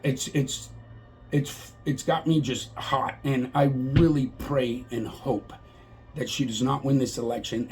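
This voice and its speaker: A man's voice: medium pitch, a little mellow, breathy edge, low-quality recording. A middle-aged man vlogging an impassioned, exasperated political rant to his viewers.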